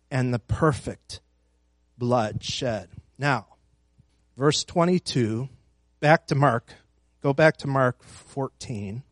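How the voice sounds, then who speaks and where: A man's voice: mid-range voice, no echo. A man preaching a sermon as pastor, emphatic, repeating phrases and building force.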